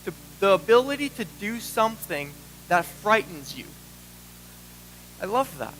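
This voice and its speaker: A man preaching a sermon as pastor, animated and acting out the voices he quotes. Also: high voice, unhurried, a little hiss or hum, rough recording.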